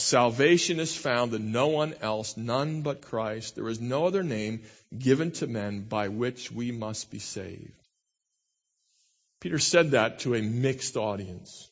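A male pastor delivers a sermon in a mid-pitched voice, earnest and emphatic, swelling to strong peaks before dropping soft. The sound carries a long reverb, and the recording is a little dull. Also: takes it slowly. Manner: earnest, builds to emphatic peaks then drops low.

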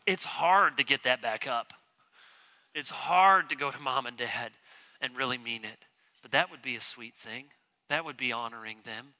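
A man preaching a sermon as pastor, emphatic and lively, acting out short quoted lines to his congregation. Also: medium pitch. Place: church sanctuary.

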